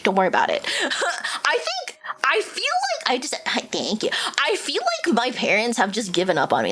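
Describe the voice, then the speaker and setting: A young woman streamer chatting casually on a live stream, bubbly and giggly with quick asides. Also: a little high, wildly swooping pitch, pushed and bright, husky. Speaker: streamer and voice actor. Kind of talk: casual live stream chat, reading a visual novel.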